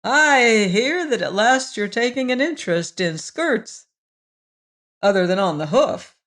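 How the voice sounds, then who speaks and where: A woman's voice: on the high side, lively intonation, measured pace, fairly bright tone, voice pushed up. A woman voicing a shrewd, fat, middle-aged male salesman in an audiobook, jovial and earnest, with blustering salesman talk. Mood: jovial pitch. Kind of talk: audiobook character reading.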